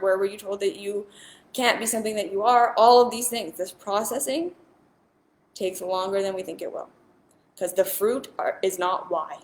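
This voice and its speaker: A woman's voice: mid-range voice, reverberant. A woman and spiritual teacher talking straight to viewers in a casual monologue, earnest and emphatic, often repeating herself.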